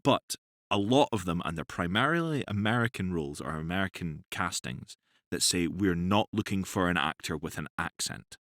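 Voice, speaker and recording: Lively ranting podcast host, dry sound. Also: male voice, low voice, normal speed, dry recording. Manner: animated, ranting and jokey. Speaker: co-host and voice actor. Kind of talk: casual podcast chat.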